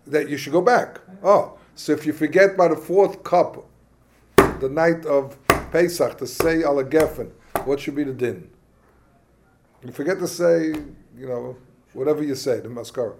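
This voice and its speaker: A man teaches a Talmud class. He talks in a questioning, animated way, firing questions at his students. His tone stays lively throughout. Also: fairly high pitch, moderate pace, noisy background. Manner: questioning, animated, mixes Hebrew and Yiddish terms.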